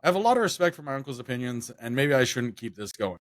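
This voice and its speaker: A young man talking on a podcast in a loose, meandering way, full of fillers and restarted sentences. His voice sits at an ordinary middle pitch. The recording is close and dry, with no room sound. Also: very animated, fast talker, dry recording. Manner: rambling, many fillers and restarts. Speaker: podcast co-host. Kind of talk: casual podcast chat.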